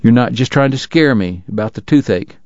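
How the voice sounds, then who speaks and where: A man's voice: medium pitch, expressive, fairly quick, a little mellow, no echo, dull audio, lightly acted. A man voicing a tired, plain-spoken frontier lawman in a read-aloud story. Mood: uneasy.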